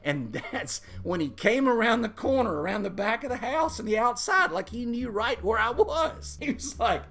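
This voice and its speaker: Animated, bright-voiced male storyteller. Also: very high-pitched, normal speed. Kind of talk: casual anecdote telling.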